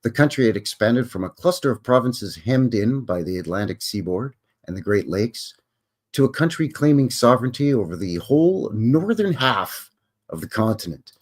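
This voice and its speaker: A man's voice: fairly low pitch, lively intonation, fairly quick, a little mellow. Man, live stream host; casual, rambling, wry and skeptical, reads aloud between asides. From Canada. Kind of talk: live stream commentary, reading articles aloud.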